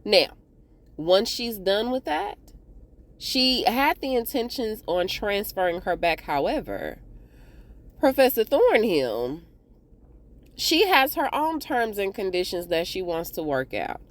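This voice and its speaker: A woman talks through a TV episode recap in a loose, chatty way, throwing asides to her viewers as she retells scenes. Her pitch swings widely around a mid-range voice, lively and expressive. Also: slow pace. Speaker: TV recap host.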